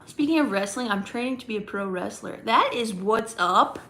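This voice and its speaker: A woman's voice: medium pitch, animated, normal speed, sharp tone, echoey room. A woman hosting a casual live stream, rambling and chatty with plenty of fillers and restarts as she greets viewers in the chat. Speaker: livestream host.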